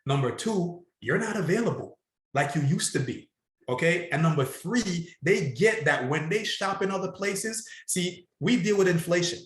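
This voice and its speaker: A man's voice: high voice, animated, normal speed, a bit bright, reverberant. A man talking in a casual podcast conversation as a salon business coach, emphatic and repeating his key points.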